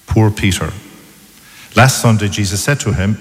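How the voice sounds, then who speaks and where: A man preaching a measured, deliberate sermon as a priest. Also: lowish voice, animated. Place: church. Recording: long church reverb.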